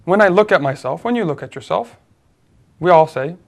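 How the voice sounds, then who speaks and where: A man's voice: fairly high pitch, animated, a little fast, vocal fry. A man co-hosting a discussion, explaining his reasoning step by step with frequent fillers and restarts. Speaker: co-host. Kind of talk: conversational discussion.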